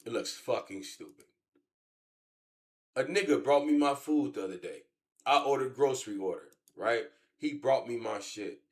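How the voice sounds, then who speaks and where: A man spins a rambling, profanity-heavy story on a casual stream. His voice sits at an ordinary mid pitch. He drifts between low mutters and sudden loud shouts. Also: lively intonation, normal speed. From Chicago. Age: late 30s.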